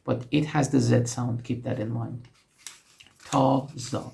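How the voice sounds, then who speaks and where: Slow gravelly man teaching letters. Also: mid-range voice, steady tone, a little mellow, slight background noise. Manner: slow, patient explaining with frequent self-corrections. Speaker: language teacher. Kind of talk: casual teaching while writing on a board.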